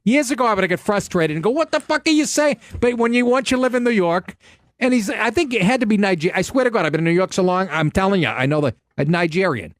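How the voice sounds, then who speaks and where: A man hosting a talk radio show, ranting and telling stories in a profane, animated way from a studio. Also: high voice, quick pace, dry recording. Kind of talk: casual talk radio monologue.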